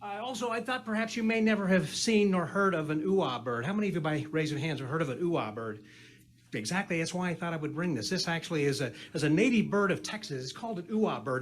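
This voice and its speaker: Brief: male stage magician, slightly high voice, corny punning patter, teasing the crowd live. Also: animated, fast. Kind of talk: comedy magic act with audience banter. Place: live stage before an audience.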